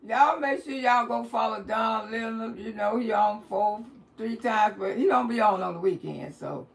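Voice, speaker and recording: Woman, livestream host, gravelly fry in the voice, expressive, colloquial, laughs a lot. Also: on the high side, moderate pace. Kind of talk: casual live-stream chat.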